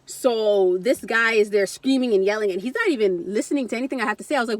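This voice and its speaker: Blunt, animated young woman telling a story. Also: on the high side, fast, few pauses, no echo. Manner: animated, blunt and profane, acting out what others said. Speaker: vlogger. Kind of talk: casual storytime vlog.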